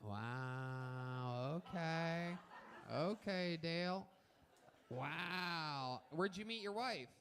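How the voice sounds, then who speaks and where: A man's voice: a little high, expressive, extremely slow, fairly bright tone, slight background noise. A man hosting a live comedy show, teasing and mocking a guest with crude jokes.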